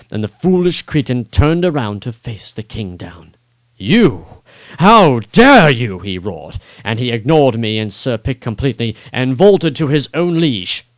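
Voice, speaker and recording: A man reading his own first-person adventure story aloud in a dramatic, expressive way. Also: lowish voice, no echo. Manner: expressive, rising on action beats.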